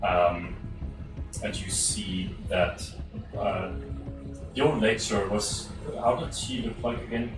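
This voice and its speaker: Low-voiced man running a tabletop game. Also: reverberant, recorded from a distance, music in the background. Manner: halting, many fillers. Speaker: game master.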